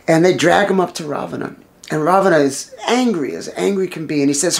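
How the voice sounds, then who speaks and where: Animated man retelling an epic tale. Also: on the high side, brisk, gravelly. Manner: animated, with restarts and sudden shouts. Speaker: storyteller. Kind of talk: oral storytelling of an epic.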